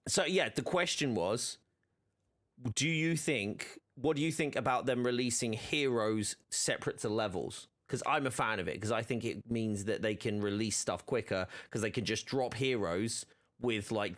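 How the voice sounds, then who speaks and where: A man's voice: on the low side, fairly bright tone. A man streaming a video game, chatting casually with many fillers and restarts. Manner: rambling, filler-heavy, self-correcting.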